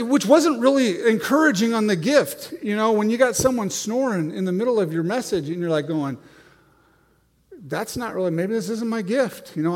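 Rich: A man with a fairly high voice preaches a sermon. He tells self-deprecating stories and often restarts his sentences. His voice carries a long reverb, as if he is speaking in a large church.

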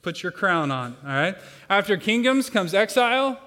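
A man's voice: high-pitched, big pitch swings, normal speed, pushed and bright. A man leading a church congregation through a playful participation exercise, joking and coaching them as he teaches. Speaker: pastor. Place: church sanctuary with a large room. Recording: long hall reverb.

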